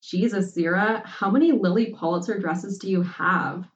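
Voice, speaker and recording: A woman's voice: medium pitch, normal speed, dull audio, a little hiss or hum, natural voice. A woman voicing a bold, confident young college woman who talks bluntly and teasingly. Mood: brash.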